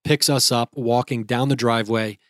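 A man's voice: medium pitch, steady tone, moderate pace, a bit bright, no echo, clean studio sound. A young man, a guest, retelling a frightening experience in a vivid, casual way with restarts. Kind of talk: casual storytelling.

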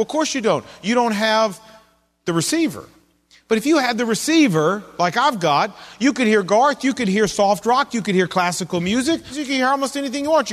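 High-voiced preacher in a reverberant hall. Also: male voice, a bit bright. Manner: conversational preaching with rhetorical questions. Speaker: pastor. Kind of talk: sermon.

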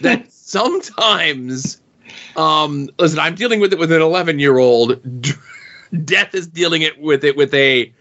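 A middle-aged man co-hosting a podcast, talking through a comic thoughtfully and pausing to search for words. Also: on the high side, expressive, pushed and bright, dull audio. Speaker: podcast co-host. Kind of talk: casual comic book discussion.

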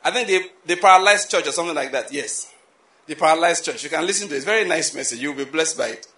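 A man preaching a sermon, animated and repetitive, full of rhetorical questions. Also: on the high side, fast talker, roomy sound. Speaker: pastor.

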